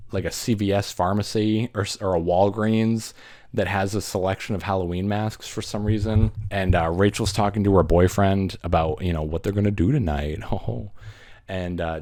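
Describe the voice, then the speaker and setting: Deep-voiced guy recapping a movie casually. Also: darkish tone. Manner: laughing, swearing, acts out characters in quick voices. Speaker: movie reviewer host.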